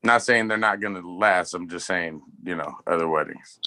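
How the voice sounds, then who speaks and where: Bright, low-voiced man telling stories. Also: normal speed. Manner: rambling, profane anecdotes with laughter. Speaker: podcast co-host. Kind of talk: casual chat, storytelling.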